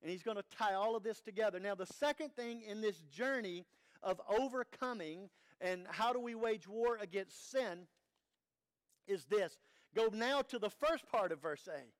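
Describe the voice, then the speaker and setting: A man's voice: high-pitched, normal speed. A man preaching an earnest, conversational sermon as pastor, with rhetorical questions to the congregation.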